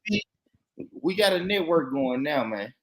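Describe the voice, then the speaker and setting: A man hosting a casual live stream, laid-back and laughing, rattling off shout-outs to viewers. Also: a little high, expressive, normal speed.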